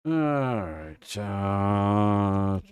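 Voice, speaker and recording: A man's voice: lowish voice, big pitch swings, drawn-out words, darkish tone, clear, resonant tone. A man hosting a casual trading stream, joking and teasing his viewers. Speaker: trading coach host. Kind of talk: casual live-stream chat.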